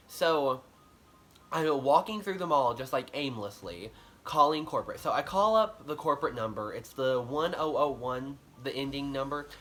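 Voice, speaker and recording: A man telling a personal story to camera in a casual, animated way, full of likes and ums. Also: mid-range voice. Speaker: vlogger.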